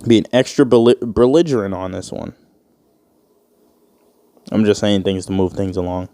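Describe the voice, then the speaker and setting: A deep, dark-toned male voice at a moderate pace, recorded with no room sound. He's in his twenties, hosting a laid-back solo podcast with rambling, jokes, heavy swearing and acted-out quotes.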